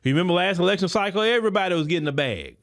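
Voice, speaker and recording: A male podcast host delivering a commentary monologue in a high, lively voice that swings up and down a lot. He preaches at his listeners in loose, colloquial phrasing and keeps repeating words as he presses his point. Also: very fast. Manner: preachy, emphatic, addresses listeners directly.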